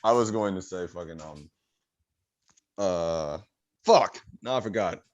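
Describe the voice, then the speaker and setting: Low-voiced man, teasing and stammering. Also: a little slow, a little mellow, dull audio. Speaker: co-host. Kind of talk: casual livestream chat.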